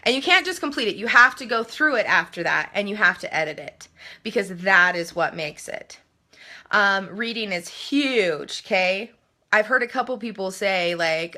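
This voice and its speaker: Bright, chatty woman author. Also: mid-range voice, normal speed. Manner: chatty, emphatic, animated with self-mocking quoted asides. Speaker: novelist giving writing advice. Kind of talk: live video chat answering viewer comments.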